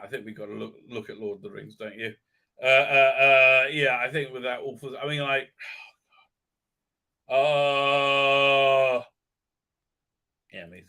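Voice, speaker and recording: Sharp in tone and medium in pitch, this man runs a live commentary stream where he rants with sarcasm and curses. He ridicules what he's reading by putting on silly voices, and his delivery stumbles with many fillers and restarts.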